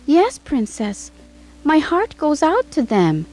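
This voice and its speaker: A woman voicing a gentle, kind-hearted young maid who pleads tenderly. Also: high voice, huge pitch swings, takes it slowly, faint music behind, pitched above the performer's own voice, exaggerated voice, low-quality recording.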